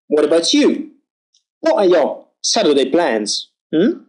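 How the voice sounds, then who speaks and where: Male ESL pronunciation coach, unhurried, animated intonation, careful exaggerated enunciation of drill words. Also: a little high, poor audio. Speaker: pronunciation teacher. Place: home recording.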